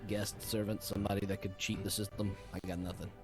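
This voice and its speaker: A man's voice: lowish voice, little pitch movement, fast, over loud music. A man narrating a tabletop game as game master in a laid-back, hesitant way.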